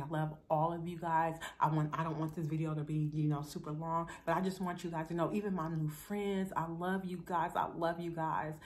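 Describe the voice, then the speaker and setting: Middle-aged woman vlogging, lowish voice, chatty and playful, gets emotional. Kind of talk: casual chat to camera.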